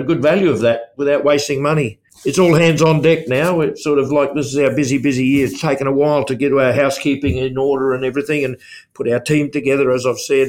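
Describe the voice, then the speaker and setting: A man's voice: medium pitch, a little mellow. Rambling older man. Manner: rambling, restarts often. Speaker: mining company chairman. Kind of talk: interview guest.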